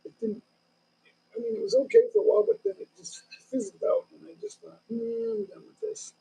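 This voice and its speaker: Gravelly high-voiced man in his sixties. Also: sing-song, brisk, mellow, rough recording. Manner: rambling, loose storytelling with many restarts. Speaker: live-stream host. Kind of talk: casual live-stream chat. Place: home in the Philippines.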